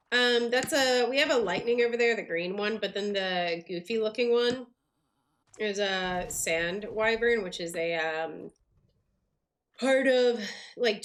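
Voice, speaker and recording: A woman's voice: fairly high pitch, fairly bright tone. A woman streaming a game, chatting casually and thinking aloud with lots of fillers. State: hiccups. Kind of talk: casual gameplay commentary.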